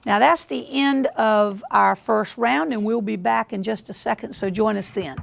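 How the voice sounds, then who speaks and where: A woman hosting a school quiz show, reading questions in a measured way and repeating them deliberately. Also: on the high side, vocal fry.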